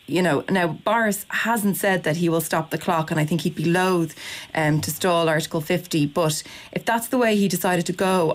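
Low-voiced female panelist, calm and measured. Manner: measured, thoughtful. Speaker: panel guest. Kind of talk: radio panel discussion.

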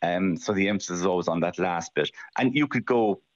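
A man's voice: low voice, a little fast, dry recording, muffled recording. A man from Cork with a Cork Irish accent, chatting wryly on a radio show as a guest, rambling and restarting. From Cork, Ireland. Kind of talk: casual radio chat.

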